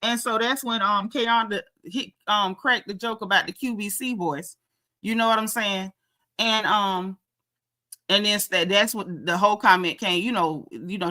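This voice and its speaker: A woman's voice: medium pitch, normal speed, pushed and bright. A woman, hosting a casual, sassy recap and acting out quoted lines for her live chat. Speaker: reality show recap host.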